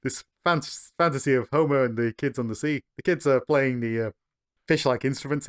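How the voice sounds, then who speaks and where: A man's voice: mid-range voice, brisk. A man co-hosting a podcast, recapping a cartoon episode in casual chat and chuckling between beats.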